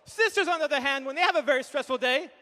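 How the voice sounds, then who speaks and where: A man in his thirties doing animated stand-up comedy, acting out quick voices of husbands and wives on a live hall mic. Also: very high-pitched. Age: 30s. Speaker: comedian speaker at an event. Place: large hall with an audience.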